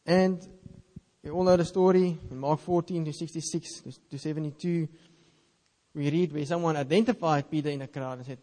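A man's voice: fairly high pitch, steady tone, fairly quick, mellow, in a large hall. A man, an Afrikaans speaker, preaching a sermon in an earnest, conversational way and reading scripture aloud.

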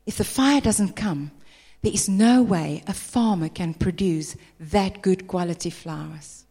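A South African woman preaching a sermon, emphatic and animated, acting out people's voices. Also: fairly low pitch, unhurried, husky, in a large hall.

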